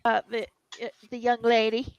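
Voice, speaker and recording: Gravelly woman running a tabletop game. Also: a little high, completely flat delivery, normal speed, a little hiss or hum. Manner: hesitant, many fillers. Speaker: game master. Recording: dry lo-fi recording.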